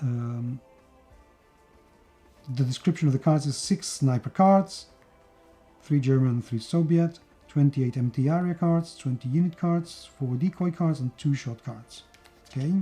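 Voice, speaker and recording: A man's voice: mid-range voice, a little slow, pauses often, dark tone, soft background music. A man from Spain with a Spanish accent, chatting enthusiastically through a board game unboxing with plenty of fillers and restarts. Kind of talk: casual unboxing video.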